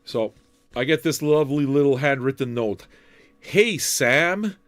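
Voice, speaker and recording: A man's voice: medium pitch, fairly even intonation, normal speed, a little mellow, dry recording. A man from Canada hosts an internet radio show, talking loosely between records. His voice sits in an ordinary middle register and sounds dry and close to the mic. He rambles, curses freely and jokes with his listeners. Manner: profane, rambling, jokey. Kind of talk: casual DJ chat.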